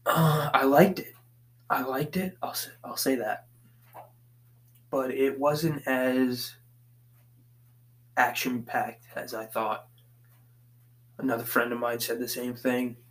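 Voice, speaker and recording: Once more the Boston-area host paces his basement for a casual solo podcast, meandering profanely from one idea to another. His mid-range voice barely moves in pitch and sounds a bit bright, and he takes it slowly with frequent pauses over a rough recording.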